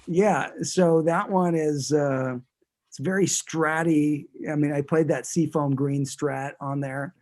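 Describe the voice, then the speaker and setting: A man's voice: a little high, steady tone, takes it slowly, darkish tone. A man who is a guest musician, chatting casually in an interview and talking in a rambling way, with many restarts.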